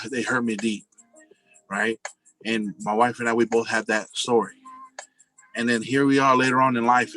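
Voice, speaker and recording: A man's voice: medium pitch, fairly bright tone, low-quality recording. A married man telling personal stories in a casual, earnest, rambling monologue, often saying "you know" and calling his listeners "guys". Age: adult, married with a family.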